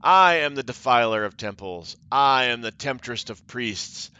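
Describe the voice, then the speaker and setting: A man's voice: fairly low pitch, moderate pace, bright, forceful tone, smooth, no echo, muffled recording. A man voicing a cruel, taunting female cult leader while reading game dialogue aloud, with mocking theatrical delivery. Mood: furious.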